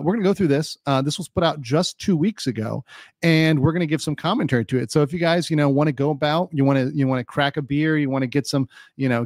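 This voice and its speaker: A man's voice: on the high side, no echo, clean studio sound. A man doing casual live-stream legal commentary, chatty with lots of fillers, reading viewer chat aloud and a little hiccupy. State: has the hiccups.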